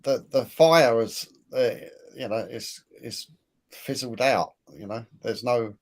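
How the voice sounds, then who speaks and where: A man's voice: mid-range voice, slow pace. A man, a guest on a live show, talking casually and hesitantly, often trailing off. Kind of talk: casual chat.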